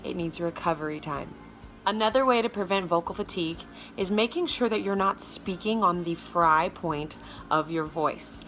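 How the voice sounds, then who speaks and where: A woman vocal coach with a Southern American accent and a low alto speaking voice, giving a chatty, emphatic lesson straight to her viewers. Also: normal speed, fairly bright tone, a little hiss or hum. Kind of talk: casual video lesson.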